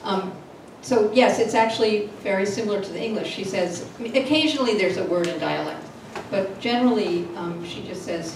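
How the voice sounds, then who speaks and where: Halting woman translator in echoey hall. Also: mid-range voice. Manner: halting, many restarts and fillers. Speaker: literary translator. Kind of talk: panel discussion answers. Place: literary event hall. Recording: echoey room, distant mic, noisy.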